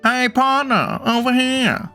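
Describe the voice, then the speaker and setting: A man's voice: very high-pitched, slow, pushed and bright, soft background music, voice pushed up, full character voice. A man voicing an eager male bird reporter in a game, friendly and jumpy, who keeps calling the listener partner. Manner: upbeat, calls listener partner.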